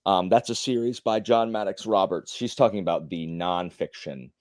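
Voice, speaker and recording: Reading viewer comments on his live stream, a low-voiced man chats casually at a moderate pace, wandering through filler-heavy tangents and blunt takes. It's a dry, clean studio recording.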